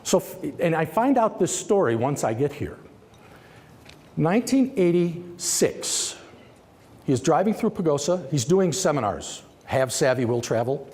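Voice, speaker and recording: Man, summit keynote speaker; animated, chatty storyteller; long hall reverb. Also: on the high side, a little slow. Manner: lively, conversational storyteller who acts out quoted dialogue. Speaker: company executive giving a summit presentation. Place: large conference hall.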